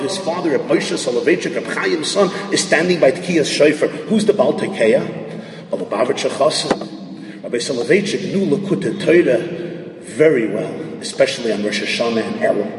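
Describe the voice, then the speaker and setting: A high-pitched man lectures, weaving Hebrew and Yiddish terms through his talk and swinging from near-murmurs to shouted emphasis. He is picked up from far off in a large, echoing hall with a faint hiss underneath. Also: lively intonation, moderate pace. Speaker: rabbi lecturing on Jewish thought. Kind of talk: lecture to an audience.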